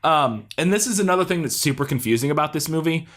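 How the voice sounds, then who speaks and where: A man's voice: fairly high pitch, animated, quick pace, a bit bright. A man co-hosting a podcast, recapping a film in casual chat with swearing and laughter. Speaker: podcast co-host. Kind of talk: casual movie-review chat.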